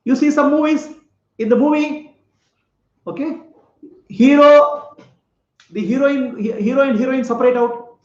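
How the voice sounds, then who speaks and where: A man's voice: extremely high pitch, a little slow, long pauses. A man giving a spiritual talk, telling a parable, asking his listeners questions and often laughing. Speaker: spiritual teacher. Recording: echoey room, slightly dull lo-fi sound.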